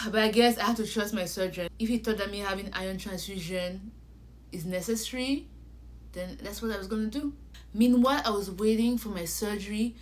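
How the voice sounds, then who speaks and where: A young woman shares a personal story in a casual vlog. She speaks in a natural mid-range voice and talks straight to her viewers. She acts out each conversation with lively energy. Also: medium pitch, brisk. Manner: animated, acts out conversations, addresses viewers directly. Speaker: vlogger.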